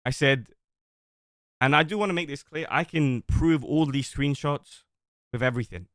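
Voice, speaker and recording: On a livestream, a man rambles at length as he reads old messages and screenshots aloud, defending himself. His voice is fairly high and a bit bright, at a normal speed, captured in clean studio sound with no room sound at all.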